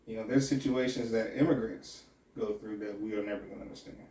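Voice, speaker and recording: A man's voice: fairly low pitch, fairly even intonation, fast talker, mellow, reverberant, recorded from a distance, a little hiss or hum. A man who works as a sheriff's deputy and academy instructor, talking candidly and reflectively in a podcast interview with many restarts.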